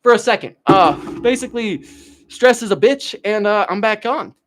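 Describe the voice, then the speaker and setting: High-voiced young man streaming, profane and rambling. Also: expressive, normal speed, a bit bright. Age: young adult. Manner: profane, rambling, trailing off into mumbles. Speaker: livestreamer. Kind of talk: casual livestream chat and storytelling.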